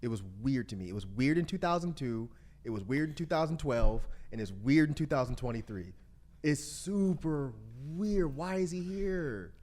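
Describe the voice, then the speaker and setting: A man's voice: medium pitch, animated, normal speed, darkish tone. Blunt, argumentative male podcaster. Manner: blunt, argumentative, repeats his point, swears. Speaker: podcast co-host. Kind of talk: casual film review debate.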